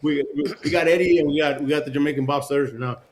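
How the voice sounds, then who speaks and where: Middle-aged male interview guest, animated raconteur who keeps asking "right?". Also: on the high side, fast talker, slight background noise. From Argentina and the United States. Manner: animated storyteller, many restarts and "right?" tags. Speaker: guest, former Olympic luge athlete. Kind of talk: casual storytelling interview.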